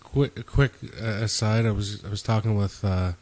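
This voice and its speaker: A young man with a fairly low voice spins a rambling, profane story in loose podcast chat. He jumps into the quoted lines of the people in his tale, and wanders off on tangents as he goes. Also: steady tone, normal speed, darkish tone. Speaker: podcast host.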